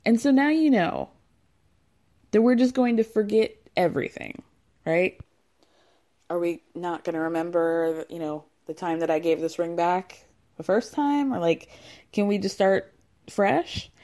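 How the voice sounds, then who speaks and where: A woman's voice: lowish voice, unhurried, warm tone. A woman in her thirties recapping a reality show in casual chat, sarcastic and chatty, acting out what people said and laughing often. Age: 30s.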